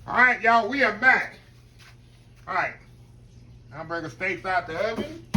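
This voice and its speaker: A man hosting a casual home cooking vlog, talking warmly to his viewers and calling them "y'all". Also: sits high, lively intonation, measured pace, long pauses, slight background noise. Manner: chatty, often addresses viewers as "y'all". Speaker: cooking channel host. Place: home kitchen. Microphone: camera on tripod.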